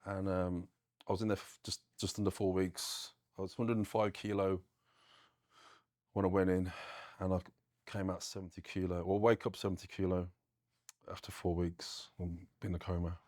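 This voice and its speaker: A man with a deep, low voice recounts a personal ordeal in a candid interview. He speaks earnestly and plainly, with many ums and restarts. The sound is dry and close. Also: little pitch movement, normal speed, darkish tone, no room sound. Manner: earnest, plain-spoken, frequent fillers. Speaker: guest, gym owner.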